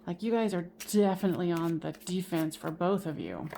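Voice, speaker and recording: A woman giving a general tarot reading in a casual, expressive way, swearing now and then and laughing at herself. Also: fairly low pitch, brisk, gravelly, a little hiss or hum. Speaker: tarot reader.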